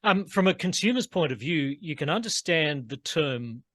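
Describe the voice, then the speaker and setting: A man hosts a podcast interview and asks his questions in a slightly high voice. He thinks aloud and restarts his sentences as he goes, with a dry, close sound and no room echo. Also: lively intonation, normal speed, fairly bright tone.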